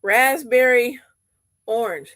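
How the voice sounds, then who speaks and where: A woman's voice: on the high side, slow pace, fairly bright tone. A woman co-hosting a casual online chat, chatty and playful, often laughing. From Texas. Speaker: co-host.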